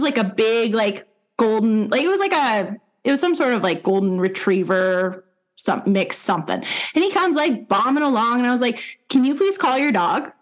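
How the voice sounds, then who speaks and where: Young woman, dog trainer, high voice, animated, swears, casual podcast talk. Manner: animated, swears freely, lots of fillers.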